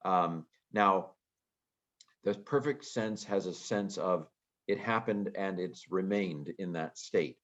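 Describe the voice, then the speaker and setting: A man with a very low voice talks through Greek grammar as a casual lecture. He muses aloud and fills pauses with ums. The audio is muffled and lo-fi. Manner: relaxed, thinking aloud with frequent ums. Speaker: Greek teacher.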